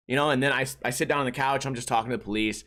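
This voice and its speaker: A man hosting a podcast, telling a story in a casual, animated, incredulous way. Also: medium pitch. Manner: animated, incredulous, quick restarts. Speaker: podcast host.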